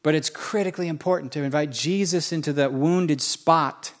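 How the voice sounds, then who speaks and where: A male pastor delivers a sermon in a storytelling way, poking fun at himself and hammering home key words through repetition. His voice sits a little on the higher side for a man. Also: moderate pace. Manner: storytelling, self-mocking humor, emphatic repetition.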